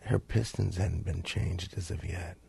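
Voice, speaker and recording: A man's voice: low-pitched, fairly even intonation, a little slow, creaky, a little mellow, slightly rough, no echo, full character voice. A man doing a shifty car mechanic. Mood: evasive. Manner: evasive, playing dumb.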